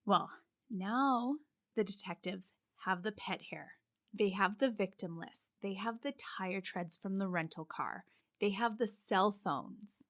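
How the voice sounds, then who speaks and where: A woman's voice: medium pitch, a little slow, no room sound. Casting note: woman co-host telling a true-crime case casually, dry close-miked sound. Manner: steady storytelling with frequent "like" fillers.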